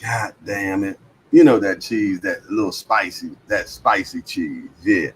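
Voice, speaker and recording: Chill guy w/ aave hosting his stream, lowish voice, talks slangy and easy, reads chat out loud. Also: measured pace, slight background noise. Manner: laid-back, talkative, slangy, reads chat aloud. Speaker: livestream host. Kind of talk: casual livestream chat.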